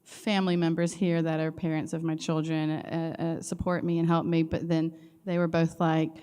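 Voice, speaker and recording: A woman teacher speaks in a smooth, resonant, lower voice. She talks with feeling and keeps stumbling and restarting her sentences. A long reverb from the room trails her words. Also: flat delivery, normal speed, dark tone. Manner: emotional, stammering restarts. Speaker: weekday school teacher. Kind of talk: heartfelt personal testimony.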